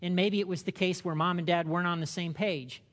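A man preaching a sermon as a pastor in a church, animated, acting out quoted voices and asking the listeners questions. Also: high voice, a little fast.

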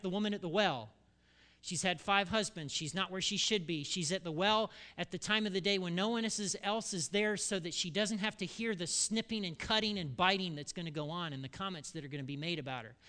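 A middle-aged man preaching a sermon as pastor, telling a story with sudden loud bursts and quiet asides. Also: high-pitched, fairly quick.

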